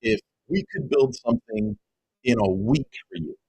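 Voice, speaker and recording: A man who runs a web design business, giving an excited, emphatic pitch to viewers and calling them folks over and over. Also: moderate pace, slightly rough, rough recording. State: excited, half-yelling. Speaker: web design agency owner and coach. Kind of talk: energetic direct-to-camera pitch.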